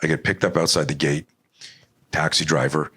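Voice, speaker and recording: Deep-voiced middle-aged man, rambling animated storyteller, lots of restarts and swearing. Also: moderate pace, husky. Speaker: self-defense expert guest. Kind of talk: storytelling interview talk.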